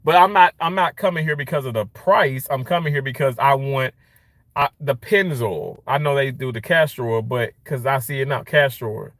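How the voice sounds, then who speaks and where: A man's voice: mid-range voice, moderate pace, a bit bright, no echo. A man ranting in a casual vlog from his car, frustrated and swearing as he rambles. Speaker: vlogger.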